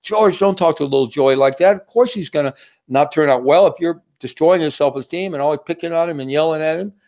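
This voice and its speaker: A man's voice: fairly high pitch, a little fast, darkish tone, pitched above the performer's own voice, lightly acted. A man voicing a protective mother who defends her son against his father. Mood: defensive. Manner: defensive, pleading. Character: protective mother, middle-aged woman.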